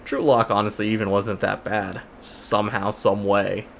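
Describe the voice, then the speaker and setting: Here the gaming YouTuber's lowish, slightly bright voice has vocal fry and a flat delivery at a moderate pace, with a little hiss or hum present. He gives exasperated, sarcastic commentary on his football game as plays unfold, restarting often.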